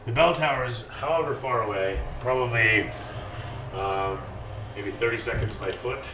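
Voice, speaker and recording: A man narrating as dungeon master in a casual way, swearing often and filling pauses with "uh". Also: mid-range voice, noisy background. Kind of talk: narrating a tabletop game with shouted character voices. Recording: echoey room from far off, music behind.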